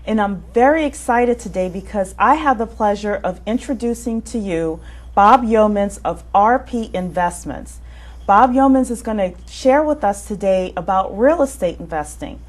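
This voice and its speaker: A woman's voice: medium pitch, expressive, normal speed. Woman host with a scripted welcome. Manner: scripted intro, frequent mm-hmm backchannels. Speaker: show host. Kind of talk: interview hosting.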